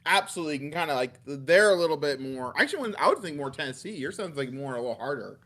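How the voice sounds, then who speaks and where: A man from Florida, chatting fast and fillering with "like" on an online call. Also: on the high side. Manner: fast, lively, lots of "like". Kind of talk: casual online chat. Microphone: online call mic.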